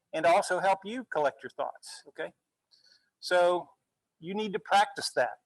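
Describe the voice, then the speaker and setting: A male university instructor giving a relaxed classroom lecture, often checking in with "okay?" as he goes. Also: on the high side, gravelly, no room sound, rough recording. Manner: conversational, frequent "okay?" check-ins.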